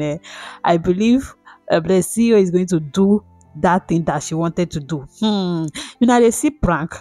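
A woman's voice: lowish voice, darkish tone, dry recording. Chatty Nigerian woman, dry close voice. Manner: chatty, addresses viewers directly. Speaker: blog host. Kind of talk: casual commentary to viewers. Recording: dry close sound with faint music.

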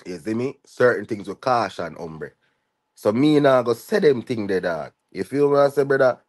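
Heated vlogger with a Jamaican patois accent. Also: male voice, on the low side. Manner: heated, repeating tag phrases like "you see me" and "dog". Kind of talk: ranting vlog commentary.

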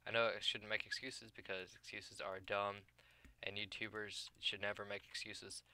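This gaming YouTuber is a tired young man whose fairly low voice stays flat in pitch yet sounds bright and forceful at a moderate pace. He rambles through casual gameplay commentary, loses his train of thought, and plugs the gaps with "uh" and "like." Slight background noise is audible.

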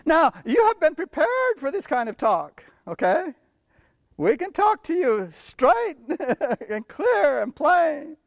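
High-voiced emphatic man preaching. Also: wildly swooping pitch, takes it slowly, no room sound, clean studio sound. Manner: emphatic, blunt, chuckles between points. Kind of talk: sermon with Bible reading.

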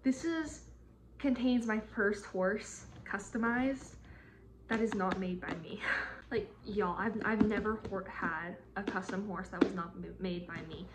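Gushing excitable woman unboxing. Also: mid-range voice, unhurried. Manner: gushing, excitable, many gasps and "oh my gosh". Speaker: model horse customizer. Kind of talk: casual unboxing chat to camera. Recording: noisy home recording.

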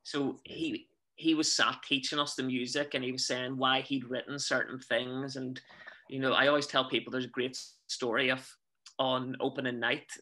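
A Northern Irish man, a musical theatre actor, telling animated stories in a casual interview and chuckling often. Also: medium pitch, normal speed. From Northern Ireland.

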